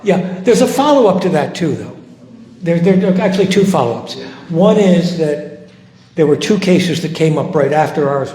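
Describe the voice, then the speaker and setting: An older man, a former civil rights volunteer, telling his story at a post-screening discussion, reflective and halting, with many restarts. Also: a little high, mellow. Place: large hall. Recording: echoey hall, faint noise.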